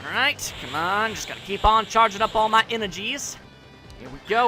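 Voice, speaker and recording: A man with a high, bright voice running a let's play. He commentates with goofy jokes and keeps taunting the enemy. Faint game music plays under his voice. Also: fairly quick. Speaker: gaming channel host.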